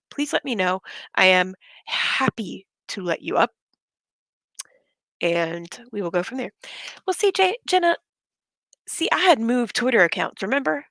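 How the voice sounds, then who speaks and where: A woman's voice: on the high side, a bit bright, dry recording. A woman ranting bluntly and with a lot of swearing in a casual live stream, sick with covid and short of breath. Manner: blunt, profane, fired-up. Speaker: livestreamer.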